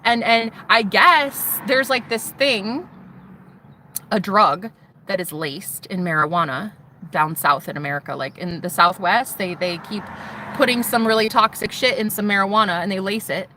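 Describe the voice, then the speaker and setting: A young woman recounts a wild personal story straight to her audience, animated and blunt, with curses along the way. Her voice is bright and forceful. A faint hum of background noise sits behind her. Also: mid-range voice, moderate pace, poor audio. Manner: animated, swearing, acts out quotes. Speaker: vlogger. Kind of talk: storytelling testimony.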